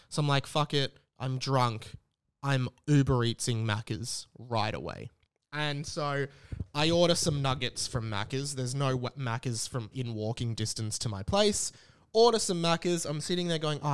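An Australian man in his late twenties telling a casual, rambling story as a podcast host. He is animated and swears freely. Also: on the high side, clean tone. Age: late 20s.

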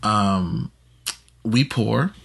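A man with a somewhat low voice talks in a relaxed, casual chat. He tells stories with playful, animated energy as a podcast co-host. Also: very slow, gravelly, breathy edge.

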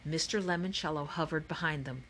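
A woman narrating a children's novel as an audiobook, in a clear, even storytelling manner. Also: low-pitched, a little fast, slight background noise. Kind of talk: scripted narration.

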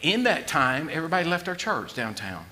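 A middle-aged man preaching a sermon in a folksy, joking way, dropping to a hush and rising to a shout. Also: a little high, very animated, a little fast. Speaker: pastor.

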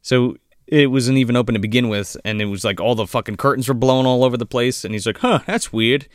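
A man's voice: medium pitch, fairly even intonation, no room sound, clean studio sound. A man co-hosting a casual podcast, swearing freely, laughing often and acting out characters as he recaps a film. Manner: profane, laughing, acts out characters in quick voices. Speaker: podcast co-host. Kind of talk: casual chat retelling a film.

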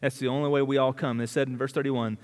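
A male pastor delivering a dramatic sermon, full of rhetorical questions, swinging between loud urgency and hushed intensity. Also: medium pitch, flat delivery, fast talker, long reverb tail.

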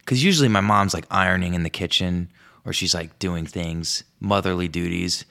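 A man's voice: moderate pace, vocal fry, a bit bright. Rambling, swearing young man podcasting. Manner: rambling, swears a lot, jumps high when quoting himself. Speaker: podcast host. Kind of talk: casual comedic storytelling monologue. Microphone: podcast microphone.

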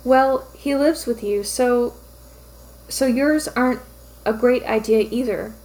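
Goofy, chattering young male archer voiced by a woman in a fan fiction reading; huffy and teasing, fairly high voice. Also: slow, a little mellow.

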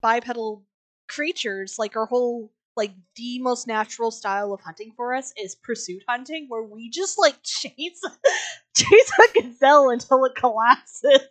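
A woman's voice: on the high side, measured pace, a bit bright, no echo. A woman co-hosting a podcast, chatting casually and reading quotes aloud in a blunt, sarcastic way, swearing freely. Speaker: podcast co-host.

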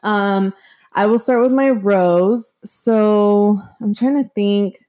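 A woman's voice: medium pitch, slow pace, dark tone. A woman co-hosting a podcast, chatting casually and filling her sentences with "like". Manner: chatty, lots of "like" fillers. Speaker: podcast co-host. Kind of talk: casual chat.

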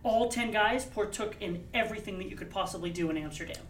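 A man chatting casually, telling lively travel stories with acted-out quotes. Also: sits high, slight background noise. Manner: fast, animated storytelling with acted-out quotes. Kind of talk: casual chat. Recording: roomy, distant mic with faint ambience.

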